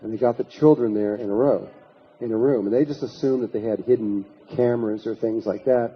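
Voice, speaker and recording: A man's voice: on the low side, steady tone, brisk, slightly rough, dull audio. A man giving a spiritual lecture, telling a long anecdote in a rambling way, with many restarts and repetitions. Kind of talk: storytelling lecture to an audience.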